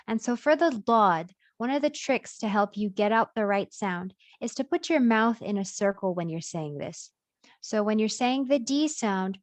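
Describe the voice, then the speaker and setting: A woman's voice: mid-range voice, no echo. A woman teaching a reading lesson, patiently sounding out letters and repeating each one for learners to follow. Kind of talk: slow step-by-step reading lesson.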